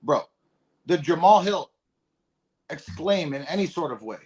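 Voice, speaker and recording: A man's voice: a little high, lively intonation, a little slow, darkish tone. A man co-hosting a fight recap podcast, cursing freely and cutting in with emphatic points in casual chat. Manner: profane, emphatic, interjecting. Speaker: podcast co-host.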